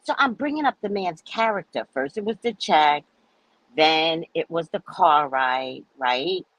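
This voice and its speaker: A woman host telling her viewers a story in a casual, animated way, cursing freely and acting out what people said. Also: sits low, a little slow, dry recording, poor audio. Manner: animated, profane, acts out quoted people. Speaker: psychic reader and host.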